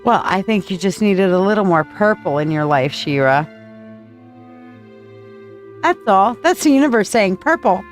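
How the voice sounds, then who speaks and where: A woman's voice: mid-range voice, expressive, unhurried, long pauses, faint music behind. A woman in her forties from the United States, a psychic reader chatting loosely with viewers on a live stream and swearing freely. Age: 40s. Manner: chatty, swearing, reading chat aloud.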